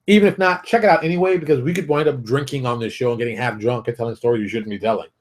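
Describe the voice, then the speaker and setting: Middle-aged male host, rapid rant-style monologue, emphatic, mid-pitched. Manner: emphatic, rants, repeats phrases, acts out quotes. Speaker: host of a daily tabletop games industry show. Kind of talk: casual solo monologue.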